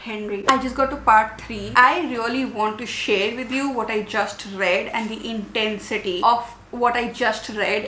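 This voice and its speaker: A woman's voice: on the high side, fairly bright tone. A woman in her twenties chatting about books in a casual vlog, gushing and emotional, often repeating words for emphasis. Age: 20s. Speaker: book vlogger. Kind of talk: casual book vlog chat. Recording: echoey room with faint ambience.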